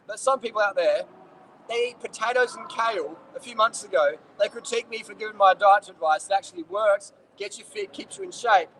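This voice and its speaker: A man's voice: high voice, fairly quick, a bit bright, slight background noise, rough recording. A man, a cycling vlogger answering viewer questions casually in a blunt, swearing, ranting way.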